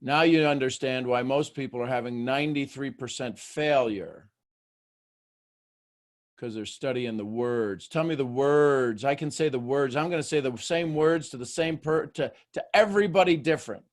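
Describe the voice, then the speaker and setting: A male motivational host with a mid-range voice speaks to his listeners. He keeps asking them questions and shifts his delivery often, dropping to a near hush and then rising to loud bursts. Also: mid-range voice, normal speed. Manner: dynamic, swings between hushed and shouted. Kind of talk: motivational talk on a call.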